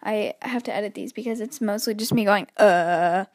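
A woman's voice: medium pitch, steady tone, fast, no echo, studio quality. A teenage girl hosting her own podcast, chatting casually, nervous and rambling, breathing heavily between thoughts and poking fun at herself. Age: teens. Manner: nervous, rambling, self-deprecating, heavy breathing. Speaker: podcast host. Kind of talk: casual solo podcast chat.

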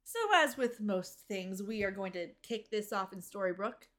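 A woman co-hosting a relaxed recap chat. She sounds tired and wry, with quick asides and a mid-range voice. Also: mid-range voice. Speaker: podcast co-host recapping a TV episode. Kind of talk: casual chat.

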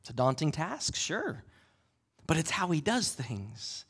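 A man preaching a sermon in a church, swinging between loud emphasis and hushed asides. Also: fairly high pitch, big pitch swings, measured pace, slightly rough. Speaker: pastor.

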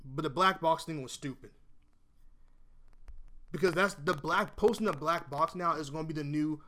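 A man's voice: fairly high pitch, normal speed, pauses often, pushed and bright. A man venting his opinion to camera in a blunt, emphatic rant, swearing freely and repeating himself as he argues. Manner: repeats and restarts phrases while arguing. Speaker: vlogger.

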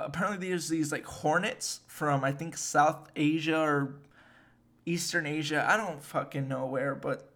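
Young dude podcasting, slangy and swears a ton, voice sits kinda high. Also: male voice, fairly bright tone. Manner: slangy, profane, rambling. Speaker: podcast host. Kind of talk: casual chat.

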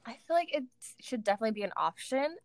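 A woman's voice: high-pitched, big pitch swings, quick pace, dry recording. A woman co-hosting a podcast in casual chat, rambling with many fillers and restarts. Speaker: podcast co-host.

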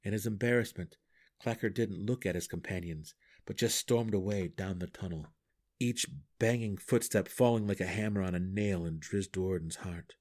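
A man reading a fantasy novel aloud for a podcast with dramatic, animated storytelling. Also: sits low, moderate pace. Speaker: audiobook podcast reader.

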